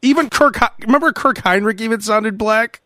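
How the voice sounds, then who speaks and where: A high-pitched man hosting a casual comedy podcast, animated and playful, slipping into impressions of other people as he jokes. His voice is close and dry on the studio mic, with no room sound around it. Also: brisk, dry recording. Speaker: podcast host.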